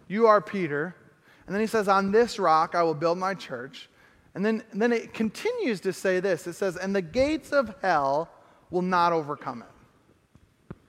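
A man preaching a sermon as pastor, emphatic, repeating key phrases and slowing down to stress them. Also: high voice, a bit bright, big-room sound.

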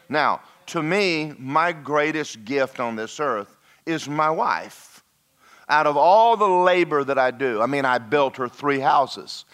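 A middle-aged man preaching a sermon, telling folksy stories and swinging between loud calls to the crowd and hushed, emotional passages. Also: on the high side. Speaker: pastor.

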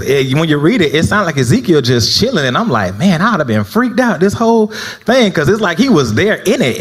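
A young man from South Florida preaching a sermon as minister, talking conversationally with laughing asides and checking in with the congregation. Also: fairly high pitch.

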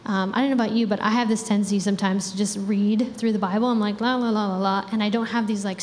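A woman's voice: mid-range voice, a little mellow. A young woman preaching a sermon in a casual, chatty way, with frequent fillers. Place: church hall. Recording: reverberant hall with faint background noise.

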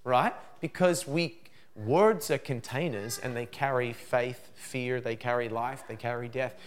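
A middle-aged man giving a lively parenting seminar talk, acting out dialogue as he goes. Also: medium pitch, unhurried. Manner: animated, acts out dialogue in put-on voices.

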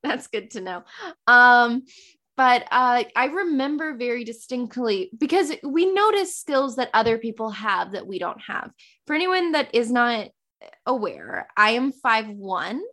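High-voiced young woman rambling through a story. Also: unhurried. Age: young adult. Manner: rambling animated storytelling, many fillers and restarts. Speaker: podcast host. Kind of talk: casual chat.

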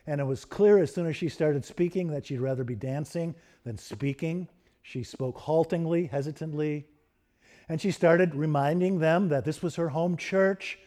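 A man preaching a sermon in a church, telling stories and slowing down to stress key phrases. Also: a little high, mellow. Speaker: pastor.

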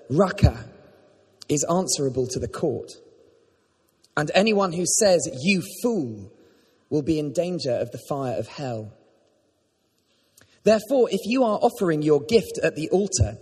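Husky man reading scripture in echoing church. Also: a little high. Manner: measured, steady reading aloud. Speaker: scripture reader. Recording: echoey church, far from the mic.

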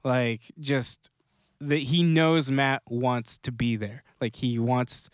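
A man talking casually as a podcast co-host, his voice set at an everyday middle pitch. He wanders through his thoughts and breaks off to restart them. The sound is dry and close, with no room behind it. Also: fairly even intonation, dry recording. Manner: rambling, halting restarts and fillers. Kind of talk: casual chat.

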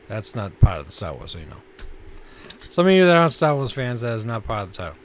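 A man's voice: on the low side, very animated, fast. A man co-hosting a casual chat show, reading a list in a laid-back way and chuckling often. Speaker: co-host.

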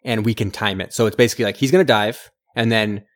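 A man's voice: on the low side, fast. A man co-hosting a podcast, chatting casually as he retells a film with lots of fillers and restarts. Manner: rambling, animated retelling with acted quotes. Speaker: podcast co-host. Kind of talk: casual chat recapping a film.

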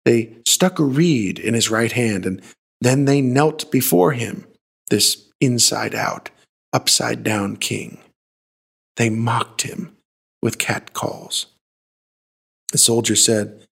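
A man, a pastor, retelling a Bible story as a sermon in a dramatic way, shifting between hushed and emphatic lines. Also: mid-range voice, creaky, breathy edge.

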